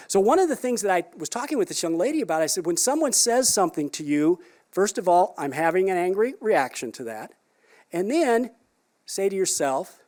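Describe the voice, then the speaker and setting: Male psychologist presenter, slightly high voice, conversational conference talk, wry asides, rhetorical questions to the room. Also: very animated, a little fast, darkish tone. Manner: wry, down-to-earth humor.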